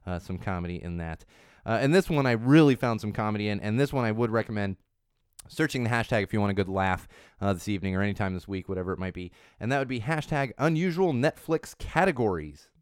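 A man in his thirties hosts a casual chat about trending social topics, rambling and often restarting his sentences as he corrects himself. His voice is on the low side with a clean tone, recorded dry in clean studio sound.

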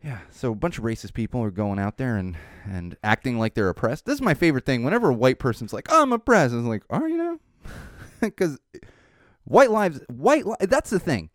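Male podcast host, sarcastic casual rant, animated pitch, dry close mic. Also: a little fast, few pauses, no echo. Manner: sarcastic, ranting, frequent restarts and laughs. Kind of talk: casual opinion monologue.

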